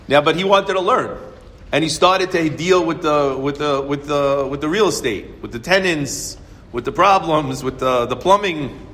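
A man giving a Torah lecture, telling a story and acting out each character's lines. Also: a little high. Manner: animated storyteller acting out dialogue. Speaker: Torah teacher. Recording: reverberant hall, faint ambient noise.

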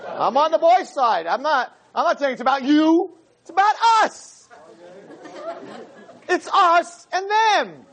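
A man, a rabbi, giving an animated, joking talk to teenagers and acting out little scenes as he goes. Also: very high-pitched, slow pace, long pauses, some chatter behind. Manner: acts out voices of boys and girls, jokey, punchy.

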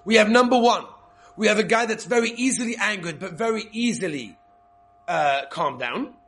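A man with Yeshivish English, teaching an informal Torah class, lively and repetitive, checking in with "okay?" often. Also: sits high, normal speed. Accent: Yeshivish English with Hebrew and Yiddish terms. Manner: lively, repeats points, frequent "okay?" checks.

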